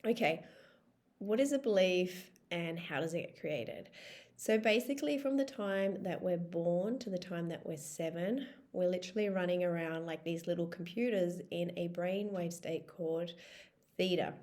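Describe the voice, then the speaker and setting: A woman's voice: on the low side, moderate pace, darkish tone. A woman in her thirties, a life coach, talking in a casual, emphatic vlog style with the odd swear word.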